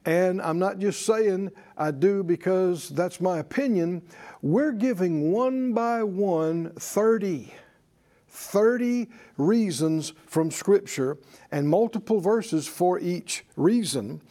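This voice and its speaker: A man's voice: a little high, warm tone. A man preaching a sermon to a congregation, emphatic and leading them in call-and-response. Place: church service with congregation.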